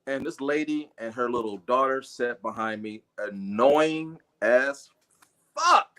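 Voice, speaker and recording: Lively, animated middle-aged man telling stories. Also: medium pitch, slow pace. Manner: animated, profane, acts out voices. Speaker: guest storyteller. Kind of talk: casual livestream storytelling.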